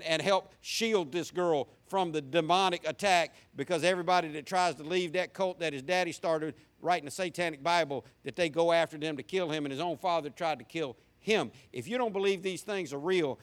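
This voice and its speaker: A man preaching a sermon as pastor, building intensity with emphatic repetition. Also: a little high.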